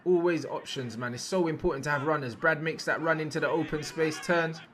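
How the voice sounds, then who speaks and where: A young man talks over football clips in a loose, slangy reaction style, with a slightly higher voice than most men. He keeps repeating phrases and bursts out loudly when something big happens. A faint hiss of noise sits under the recording. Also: fairly quick. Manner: excitable, breaks into loud outbursts at big moments. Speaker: youtuber reacting to football footage. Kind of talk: casual reaction commentary.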